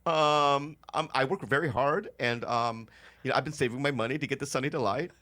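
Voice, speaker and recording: A man voicing his devout born-again Christian roommate, making him shrill, prissy and indignant. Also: a little fast, sharp tone, close to an everyday voice. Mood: prim.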